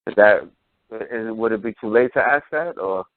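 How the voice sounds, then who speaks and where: A man calling in to a show who speaks in a hesitant, halting, apologetic way. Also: lowish voice, dry recording. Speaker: caller. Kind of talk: call-in conversation. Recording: dry, tinny phone line.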